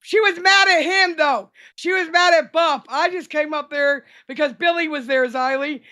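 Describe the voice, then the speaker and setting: A man's voice: very high-pitched, moderate pace, bright, forceful tone. A man from South Carolina talking bluntly and profanely in a casual streamed chat.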